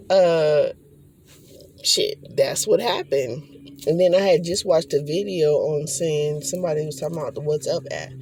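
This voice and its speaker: A woman's voice: low-pitched, dark tone, slight background noise. A woman talking straight to the camera in a rambling spiritual vlog, swearing freely and often slipping into acted quotes. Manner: profane, rambling, acts out quotes. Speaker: spiritual vlogger. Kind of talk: casual rambling monologue.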